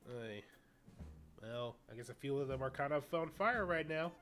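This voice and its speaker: A man's voice: medium pitch, expressive, normal speed, a bit bright, faint music behind. A man streaming a game, chatting casually and cracking jokes while he reads dialogue aloud. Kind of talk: casual game playthrough chat.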